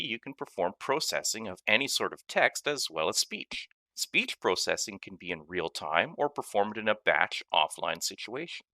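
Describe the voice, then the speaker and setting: A man narrating a scripted technology lesson as a course instructor, explaining with lively emphasis. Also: lowish voice, dry recording, studio quality.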